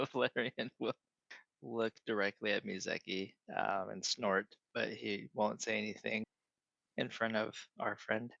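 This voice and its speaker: A man describing his character's actions in a tabletop role-playing game, in a measured way with fillers. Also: on the low side, fairly even intonation, vocal fry, a bit bright, no room sound. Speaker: player. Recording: dull lo-fi sound.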